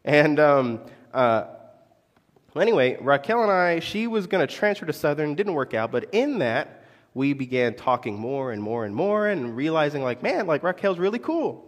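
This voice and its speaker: A young adult man and pastor telling a personal story in a sermon, animated, confessional and poking fun at himself. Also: fairly high pitch, moderate pace. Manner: animated, confessional, self-mocking. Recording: long echo of a large hall.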